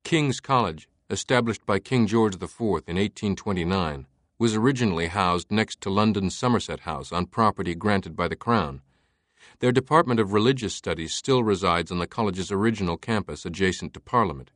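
A man narrating an audiobook in a measured, even way. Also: low voice, no echo, studio quality. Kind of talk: scripted narration.

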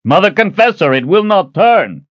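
A man's voice: high voice, very animated, normal speed, no echo, highs cut off, voice pushed up. A man doing a loyal, formal warrior. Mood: anxious.

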